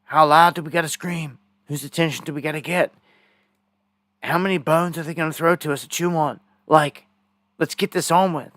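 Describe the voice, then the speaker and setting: A man's voice: a little high, normal speed, fairly bright tone, no room sound. Indignant man ranting on a live stream. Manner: rambling, indignant, conspiratorial. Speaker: live news commentator.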